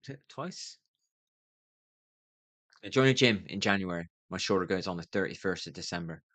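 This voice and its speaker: A man in his fifties streams his gaming, rambling and muttering to himself, tired and yawning. His low voice is fast with a fairly bright tone, recorded dry.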